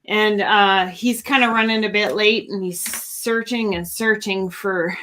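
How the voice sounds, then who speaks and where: Casual: talk show lady, bright sharp voice, laughs a lot. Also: medium pitch, fairly even intonation, a little slow, slight background noise. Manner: chatty, laughs often, lots of fillers. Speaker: co-host. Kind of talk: casual chat.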